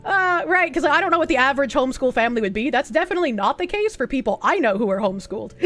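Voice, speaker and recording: A young woman with a Boston accent talks to her stream chat with a high, lively voice that leaps around as she jokes and swears. Faint music plays behind her. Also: quick pace. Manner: animated, swearing, laughing, bursts into loud put-on yells. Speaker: streamer reading chat messages. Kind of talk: casual livestream chat.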